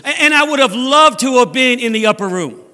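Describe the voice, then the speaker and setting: A man preaching a sermon as a guest speaker in a church, animated and acting out voices from scripture. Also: extremely high pitch, a little fast, long reverb tail. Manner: animated, acts out scripture voices, laughs at own jokes. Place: church sanctuary.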